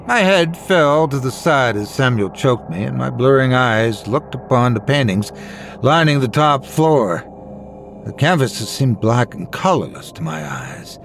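A man narrating a first-person horror story in a dramatic, expressive way. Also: mid-range voice, unhurried, creaky, faint music behind.

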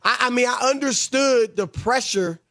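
A man with a fairly high voice leads a relaxed sports conversation, speaking with emphasis and frequent restarts. The sound is close and dry, with no room around it. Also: normal speed, no room sound. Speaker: sports talk host. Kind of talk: casual sports talk.

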